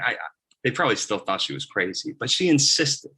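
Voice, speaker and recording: A man's voice: mid-range voice, lively intonation, fast talker, sharp tone, slightly rough. A man preaching a first-person narrative sermon in a casual storytelling manner with many fillers.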